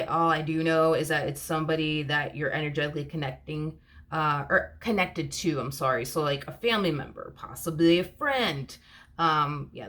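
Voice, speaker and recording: A woman with a notably low-pitched voice talks through a tarot reading in a loose, conversational way. She rambles, circles back on her points and leans on fillers as she goes. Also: a bit bright. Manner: chatty, rambling, many fillers and "you know". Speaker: tarot reader. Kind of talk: casual tarot reading monologue.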